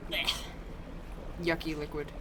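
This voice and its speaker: Low-voiced woman streamer chatting casually. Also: little pitch movement, takes it slowly, background noise. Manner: chatty, joking, swearing freely, talking to herself. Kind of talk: casual gameplay commentary.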